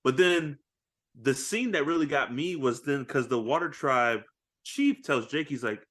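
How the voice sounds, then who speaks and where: A man's voice: mid-range voice, measured pace. A man co-hosting a podcast, recapping a movie in casual chat, acting out lines and laughing often. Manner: animated storytelling, acts out lines, laughs often. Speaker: podcast co-host.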